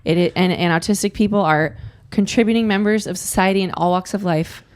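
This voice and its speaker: A woman comedian guesting on a podcast, chatting casually with wry, deadpan asides. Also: on the low side, fairly quick.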